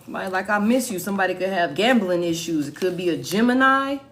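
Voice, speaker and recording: A woman's voice: on the low side, fast talker, noisy background. A woman doing a casual tarot reading for viewers, blunt and profane, repeating her points for emphasis. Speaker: tarot reader.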